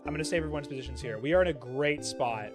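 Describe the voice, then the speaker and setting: A young man livestreaming a game, chatting excitedly and swinging between loud outbursts and low muttering. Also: fast, over music. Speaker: streamer. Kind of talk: live gameplay commentary.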